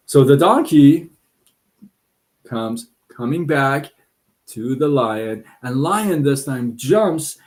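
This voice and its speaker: A man hosting a live stream, chatting casually with viewers and telling a story. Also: mid-range voice. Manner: relaxed, chatty, many fillers and restarts.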